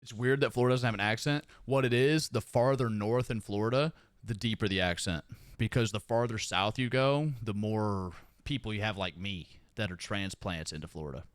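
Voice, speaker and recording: A man's voice: on the low side, normal speed, dry recording. A man with a Southern US twang chatting casually with his stream viewers, swearing and laughing often.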